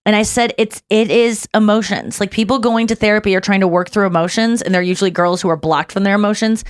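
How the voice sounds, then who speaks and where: A woman's voice: mid-range voice, fairly even intonation, quick pace, clean tone, no echo, studio quality. A middle-aged woman hosting a podcast, telling stories in casual chat with lots of restarts. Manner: chatty, storytelling with quoted voices and restarts. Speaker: podcast host.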